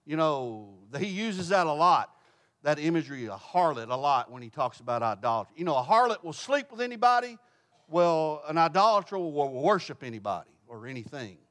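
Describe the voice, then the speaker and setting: A man's voice: sing-song, brisk, a bit bright. A male pastor preaching a sermon, impassioned and pleading, slipping into colloquial asides. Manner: impassioned, pleading, rises in pitch when quoting scripture. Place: church sanctuary.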